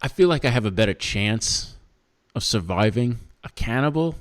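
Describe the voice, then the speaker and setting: Lively, joking Canadian man. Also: medium pitch, moderate pace. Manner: laughs often, jokey and animated, lots of fillers. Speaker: podcast co-host. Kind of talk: casual podcast chat.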